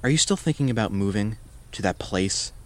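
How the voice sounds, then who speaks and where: A man's voice: fairly low pitch, expressive, a little fast, close to an everyday voice. A man voicing a blunt, prying young woman neighbor in a spoken horror story.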